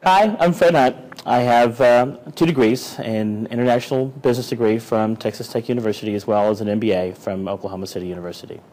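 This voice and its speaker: A man who is a marketing director, introducing himself briskly. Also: medium pitch, fairly even intonation, a little mellow, low-quality recording.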